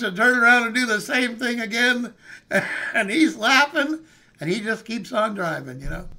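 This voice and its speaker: Folksy older man, gravelly and high. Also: animated, measured pace, pushed and bright. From California, USA. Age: 60s. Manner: folksy, rambling, calls listeners "man" and "hey". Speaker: live streamer. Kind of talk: casual storytelling.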